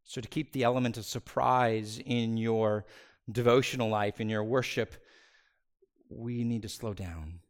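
Male pastor preaching with dramatic swings. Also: steady tone. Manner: dramatic swings from loud and high to hushed, near-whispered phrases; slows down on key words for emphasis. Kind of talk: sermon.

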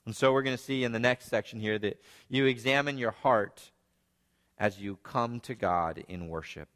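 A man's voice: medium pitch, moderate pace, in a large hall. A man preaching a sermon, earnest, dropping to near-whispers and rising to emphatic passages. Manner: earnest preaching, swinging between hushed and emphatic.

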